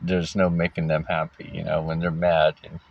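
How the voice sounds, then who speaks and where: A man with a very low voice tells his own story in a casual, halting way, stopping on fillers and restarting his sentences. A wry laugh slips in now and then. The recording sounds dull and lo-fi. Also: monotone, vocal fry.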